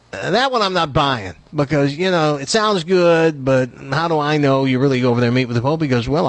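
A man telling a long joke in a casual, animated way, briefly voicing the characters in it. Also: on the high side, no room sound. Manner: animated, voices the characters in his jokes; lively, quick-paced delivery. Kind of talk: joke storytelling.

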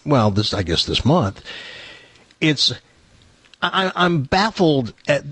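A man's voice: fairly high pitch, very animated, takes it slowly, a bit bright, husky, no echo. A man co-hosting a radio show, chatting casually and animatedly, laughing easily. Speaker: radio co-host.

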